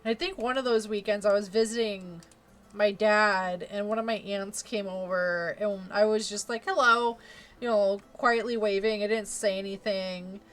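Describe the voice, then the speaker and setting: A woman's voice: medium pitch, steady tone, moderate pace. A young woman streamer chatting casually, laughing often and filling her talk with "like" and "um". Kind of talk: casual chat.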